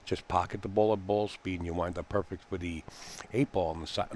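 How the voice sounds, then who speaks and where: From a pool hall commentary booth, a man calls a pool match live in a chatty, folksy way, full of fillers and easy laughs. His voice is low and darkish, with a steady tone and a brisk pace.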